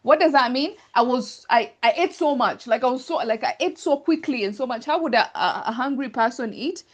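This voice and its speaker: A woman with a somewhat high voice teaches grammar in a live online class. She explains patiently, building each point step by step with worked examples. Her voice comes through a video call. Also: lively intonation, a little fast.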